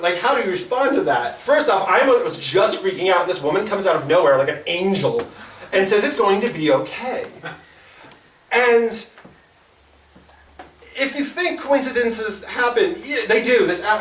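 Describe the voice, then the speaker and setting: A man's voice: high-pitched, expressive, a bit bright, slight background noise. Stammering young man telling stand-up stories. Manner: halting, stammering delivery with many restarts. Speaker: stand-up comedian. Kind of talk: stand-up storytelling. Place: small comedy club at an open mic. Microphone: no microphone, recorded from across the room. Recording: roomy, distant open-mic room recording. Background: audience laughter.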